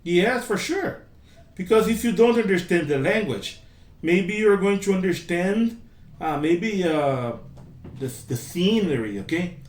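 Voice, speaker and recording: A man's voice: sits high, lively intonation, unhurried. A man with a Brazilian Portuguese accent leads a casual English conversation class, chatting, repeating his phrases and acting out the lines people say to him. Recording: echoey room, voice from a distance.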